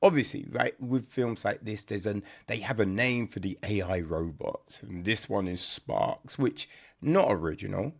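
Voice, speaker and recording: A man's voice: lowish voice, a little slow. A man reviewing a film on a podcast in casual, rambling chat, blunt and swearing now and then, forever checking in with "right?". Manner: rambling, conversational, peppered with "right?" and "you know".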